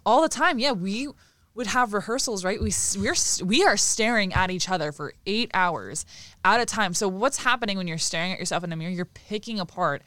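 A young woman chatting casually, reacting expressively and adding quick opinionated asides. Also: medium pitch, lively intonation, pushed and bright, no room sound. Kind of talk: casual chat.

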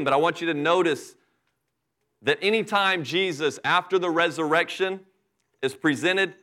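A man's voice: on the high side, fairly bright tone. A middle-aged man preaching a sermon in a conversational way, talking straight to the congregation and asking them questions. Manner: conversational preaching, acts out Bible characters in asides. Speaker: pastor.

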